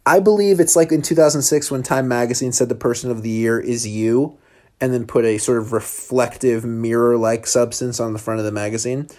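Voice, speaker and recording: A man's voice: mid-range voice, steady tone, brisk, a little mellow. Brief: man in a middle register, riffing alone into a phone voice memo, dry and self-deprecating. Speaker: podcast guest doing a solo episode. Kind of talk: rambling comic monologue.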